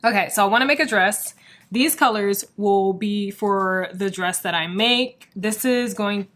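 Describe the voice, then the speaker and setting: A woman talks straight to the camera as a crafting show host, rambling and chatty. Her pitch sits in the middle of the range for a woman. She gets excitable and keeps scattering fillers between her thoughts. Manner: excitable, quick to get worked up. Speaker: crochet podcast host. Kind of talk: casual chat showing yarn to camera.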